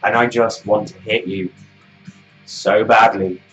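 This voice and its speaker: A man's voice: fairly low pitch, fairly even intonation, measured pace, a bit bright, muffled recording, soft background music. A man ranting sarcastically about songs, sweary and exasperated, dropping to mutters and jumping to mocking shrieks. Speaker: music review vlogger. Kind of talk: sarcastic comedic music review.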